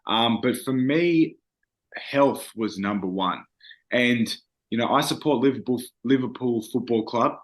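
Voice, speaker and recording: A man's voice: medium pitch, a little slow. A young man, a singer, talking earnestly and reflectively in a casual interview, with frequent fillers.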